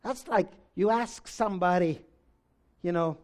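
A man preaches a sermon at a slightly slow pace, reading scripture aloud. He swings between loud exclamations and low, intense stretches.

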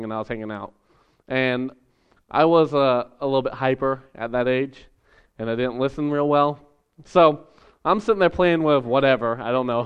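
A man preaching a sermon in a relaxed, conversational way, acting out voices as he tells stories. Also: medium pitch, clear, resonant tone, muffled recording. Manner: conversational, animated storytelling with acted voices. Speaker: pastor.

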